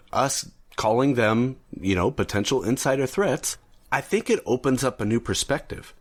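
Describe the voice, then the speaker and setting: A man hosting a solo podcast, talking casually and rambling a bit with fillers and restarts. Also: mid-range voice. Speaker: podcast host.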